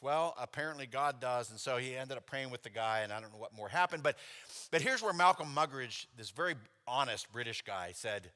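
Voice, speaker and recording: A man preaching at a church convention, telling lively stories and acting out the dialogue with casual fillers. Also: medium pitch, fairly quick. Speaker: convention speaker. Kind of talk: sermon with storytelling. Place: church sanctuary. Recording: long hall reverb in a church.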